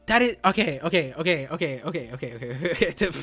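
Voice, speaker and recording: Excitable high-voiced male streamer. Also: fast, hardly any pauses, slightly rough, soft background music. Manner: excitable, exclaims and stammers when surprised. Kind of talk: live reaction reading of a comic chapter.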